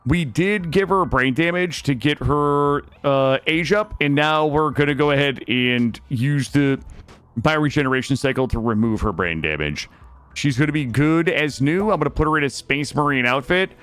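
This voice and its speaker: A man's voice: on the high side, moderate pace, a bit bright, smooth, no room sound. A young man streaming a game, chatting playfully with his viewers and swearing casually. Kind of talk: casual gaming stream chat.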